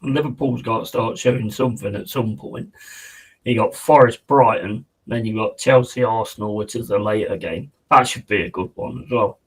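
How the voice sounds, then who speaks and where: A man chatting excitedly and casually as he hosts a live football watch-along stream. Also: fairly low pitch, moderate pace, breathy edge, poor audio.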